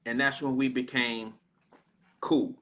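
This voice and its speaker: An American man from Cincinnati hosting a radio drive-time show, telling a story in an animated, slangy way. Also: mid-range voice, takes it slowly. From Cincinnati, Ohio, USA. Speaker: radio host. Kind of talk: casual on-air storytelling. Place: radio studio.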